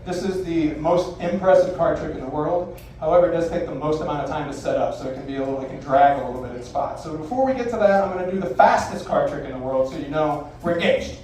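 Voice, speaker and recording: A man's voice: a little high, animated, fast, darkish tone. A man in his forties, a stage magician doing brash, profane, theatrical comic patter to a live audience in a bar venue. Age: 40s. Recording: echoey live room, distant mic, faint noise.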